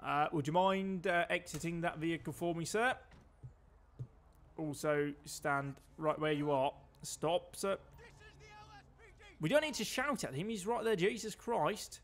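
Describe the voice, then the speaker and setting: A man's voice: fairly high pitch, normal speed, few pauses. A British man giving chatty live gameplay commentary as a streamer, full of dry, wry asides. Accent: British English.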